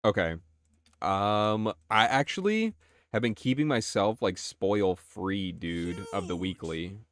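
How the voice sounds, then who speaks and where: A young man chatting casually on his game live stream, excitable, swearing and reacting to chat. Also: lowish voice, slow, no echo.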